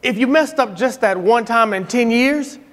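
A middle-aged man telling stories in a sermon style, animated, acting out quotes and laughing often. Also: extremely high pitch, moderate pace, in a large hall. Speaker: speaker giving a tribute.

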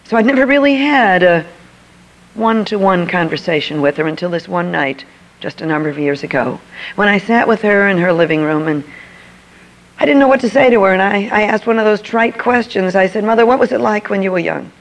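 Gravelly older woman telling a story. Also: mid-range voice, expressive, fairly quick, muffled recording. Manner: vivid storyteller acting out quoted dialogue. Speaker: inspirational speaker. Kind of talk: storytelling talk.

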